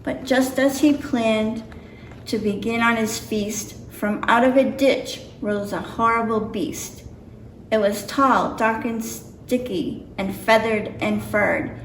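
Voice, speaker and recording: A woman's voice: a little high, fairly even intonation, slow pace, a little hiss or hum. A woman reading a picture book aloud with careful, slightly nervous delivery. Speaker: storybook reader. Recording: roomy echo, mic far off.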